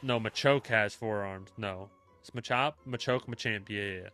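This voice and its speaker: A young man chatting casually with his live-stream chat, relaxed and talkative, with many fillers. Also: fairly low pitch, normal speed, soft background music.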